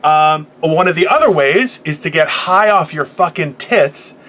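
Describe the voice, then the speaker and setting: A man in his forties co-hosting a podcast, telling a profane story in an animated casual rant with sudden loud outbursts. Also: fairly high pitch, a little slow. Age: 40s. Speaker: podcast co-host.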